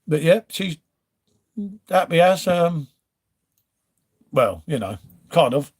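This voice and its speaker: A man's voice: fairly high pitch, big pitch swings, slow pace, breathy edge. A man from England hosting a casual live stream from home, rambling and chatting to viewers as he reads out their comments. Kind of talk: casual chat.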